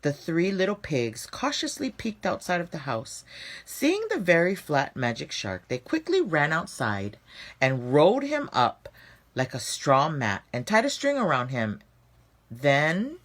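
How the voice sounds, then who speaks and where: A woman reading a children's story aloud, with expressive, dramatic storytelling and slowed emphasis. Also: deep voice.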